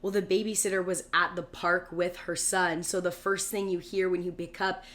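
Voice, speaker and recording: A woman's voice: lowish voice, level tone, normal speed, fairly bright tone. A woman in her thirties co-hosting a podcast, telling a long story in casual chat with lots of "like" fillers and acted-out quotes. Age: 30s. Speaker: podcast co-host.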